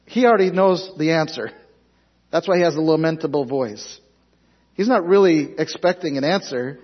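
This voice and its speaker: A man's voice: fairly high pitch, moderate pace. A man preaching a sermon, reading scripture aloud and pressing the congregation with emphatic rhetorical questions. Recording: dull lo-fi sound.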